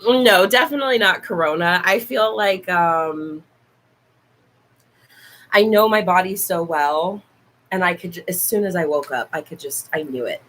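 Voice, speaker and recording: Brief: young woman, hoarse from a cold, livestream host, slow unhurried chatter, lowish voice. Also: a bit bright, low-quality recording. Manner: chatty, affectionate toward viewers. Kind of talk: casual livestream chat.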